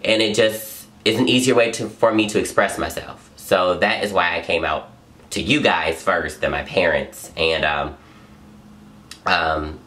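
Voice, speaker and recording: At home in Los Angeles, a young vlogger tells a personal story straight to camera in an earnest, gushing way, often repeating himself. His deep voice is steady and sharp in tone, and he speaks a little slowly.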